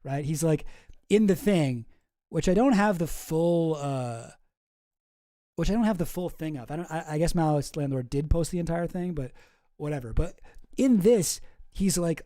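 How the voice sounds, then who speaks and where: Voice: mid-range voice, lively intonation, normal speed, warm tone. A channel host giving casual, sarcastic commentary, rambling and swearing freely.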